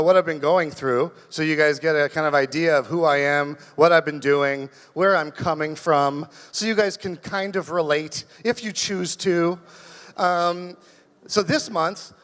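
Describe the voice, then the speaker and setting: A man from Canada doing a rambling, self-deprecating stand-up set, halting and restarting, on a live comedy stage. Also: sits high, big-room sound.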